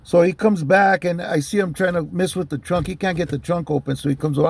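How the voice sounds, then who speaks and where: A man recounts a story in a relaxed, unpolished way, dropping curse words and "you know" between thoughts. His voice has a rough, gravelly texture and sits a bit higher than most men's. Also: quick pace, hardly any pauses. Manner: loose and profane, many fillers like "you know". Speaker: storyteller recounting a police stop. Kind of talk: casual spoken storytelling.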